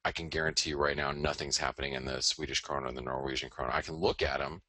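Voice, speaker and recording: A man's voice: very deep voice, fairly even intonation, fast, bright, forceful tone, dry recording. A man hosting a live forex market show, rambling casually through charts and often correcting himself.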